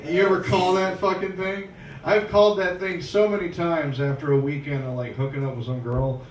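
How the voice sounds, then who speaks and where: A male comedian in his forties works a stand-up set, his voice sitting slightly high, with rambling stops and restarts. He sounds a bit off-mic in an echoey club. A faint hum sits underneath him. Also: steady tone, normal speed, far from the mic. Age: early 40s. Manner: loose, rambling delivery with laughs and restarts. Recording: roomy live club recording from off-mic. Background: audience laughter.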